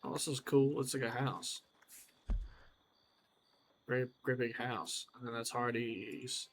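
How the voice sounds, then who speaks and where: A man's voice: medium pitch, fairly even intonation, takes it slowly, a little hiss or hum. A man giving let's-play commentary, chatty and wry, talking to himself as he explores. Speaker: gamer.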